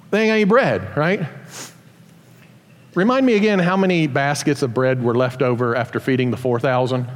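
A high-voiced man preaches with lively swings in pitch, telling stories and tossing in playful voiced asides. His voice rings with a long reverb, as in a large sanctuary. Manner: animated storytelling with voiced asides. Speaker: pastor. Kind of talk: sermon.

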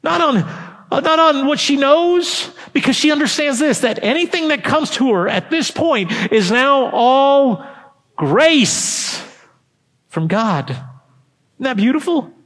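A man preaching a sermon, emphatic and fervent, rising to loud peaks and dropping low, often asking the congregation questions. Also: expressive, takes it slowly. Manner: addresses the congregation directly with questions. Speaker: pastor.

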